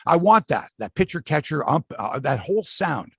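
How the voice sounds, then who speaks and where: A man's voice: a little high, normal speed, slightly rough, no echo, studio quality. A middle-aged man hosting a sports podcast, talking casually and profanely and acting out what players said. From Canada. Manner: animated, profane, acts out quotes from players. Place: outdoor studio by a lake.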